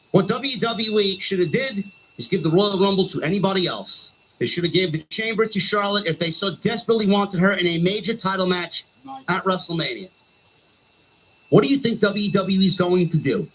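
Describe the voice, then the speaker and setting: A man's voice: sits high, a bit bright, a little hiss or hum, poor audio. A male streamer delivering a heated, sarcastic wrestling rant full of swearing.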